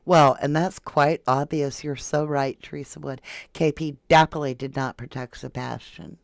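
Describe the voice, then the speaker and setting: A woman's voice: deep voice, fairly even intonation, normal speed, gravelly, dry recording, studio quality. Chatty woman hosting a true crime stream. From Florida, USA. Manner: chatty, reads viewer comments aloud. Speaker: true crime channel host. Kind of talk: casual livestream chat.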